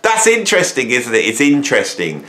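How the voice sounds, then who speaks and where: A man talking casually to camera from his home garage, animated and rambling, often repeating himself and restarting phrases. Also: medium pitch, fairly quick, slight background noise. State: hot and sweaty. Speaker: drummer and producer talking to camera. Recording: echoey garage room.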